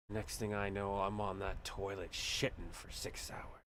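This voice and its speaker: Man streamer, casual rambling chat, bright tense tone, slightly low voice. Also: fairly even intonation, moderate pace, hardly any pauses, a little hiss or hum. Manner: rambling and jokey, with frequent fillers.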